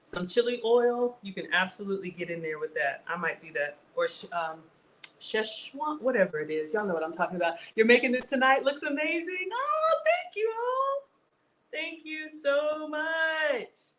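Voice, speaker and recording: A woman's voice: medium pitch, lively intonation, brisk, a bit bright, a little hiss or hum, rough recording. A middle-aged woman hosting a casual cooking livestream, chatting with viewers, greeting them by name and laughing often. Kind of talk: casual live cooking chat.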